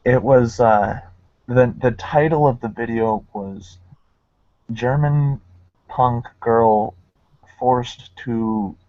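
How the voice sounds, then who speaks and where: A man's voice: mid-range voice, very slow, no room sound, lo-fi sound. A man in a casual chat, telling stories and laughing at himself. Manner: laughing, self-mocking storyteller.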